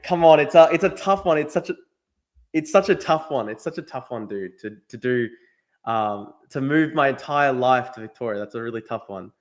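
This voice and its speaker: A young Australian man hosting a casual live stream, chatting and answering his chat, often repeating himself. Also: medium pitch. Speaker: streamer host.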